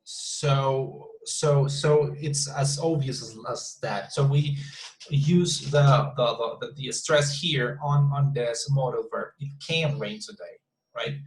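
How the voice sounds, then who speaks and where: A man's voice: mid-range voice, slow, roomy sound, low-quality recording. A man teaching an English class over a video call, repeating words as he searches for them and modeling sentences with exaggerated stress.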